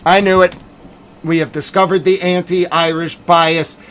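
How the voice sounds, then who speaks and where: Homem agudo em desabafo indignado teatral. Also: male voice, sits high, flat delivery, measured pace. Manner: theatrical mock outrage, swinging between loud and muttered. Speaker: livestream commentator. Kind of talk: mock-outraged livestream rant.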